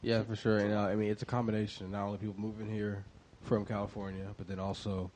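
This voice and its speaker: A man's voice: on the low side, level tone, a little mellow, slight background noise. A man co-hosting a podcast, chatting casually in a blunt, profane way. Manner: blunt, profane, quick to agree. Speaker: podcast co-host. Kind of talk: casual chat.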